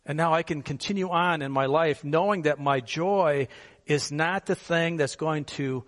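A man's voice: on the high side, unhurried, a bit bright, in a large hall. A male pastor preaching a sermon in a conversational way, asking his listeners rhetorical questions and chuckling now and then.

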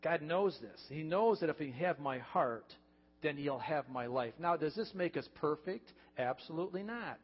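A pastor preaching a heartfelt sermon, earnest and repetitive, building to emphatic points. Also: male voice, fairly high pitch, animated, moderate pace, husky. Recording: dull reverberant church recording.

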